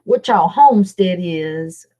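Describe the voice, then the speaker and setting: A woman's voice: on the low side, lively intonation, slow, warm tone, poor audio. A woman from Louisiana with a Southern accent, chatting casually with viewers on a livestream, rambling and reading out their names. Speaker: livestream host.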